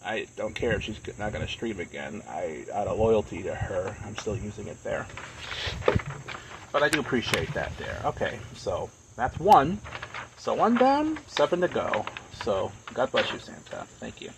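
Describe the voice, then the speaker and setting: A man's voice: fairly low pitch, big pitch swings, normal speed, gravelly, background noise. A man chatting casually on a live stream, rambling and earnest, with plenty of fillers.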